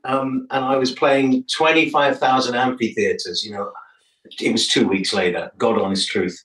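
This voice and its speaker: An older musician, a guest in a casual interview, tells chatty, jokey stories and laughs often. His medium-pitched voice is steady and a bit bright, at a normal speed. The recording sounds roomy and distant.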